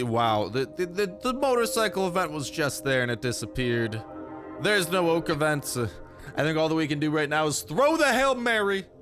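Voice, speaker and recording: Young guy, kinda sick, rambling jokey game commentary, voice bouncing all over, bit high. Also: fairly bright tone. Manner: chatty, slangy, jokey. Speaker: gaming YouTuber. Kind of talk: casual gameplay commentary.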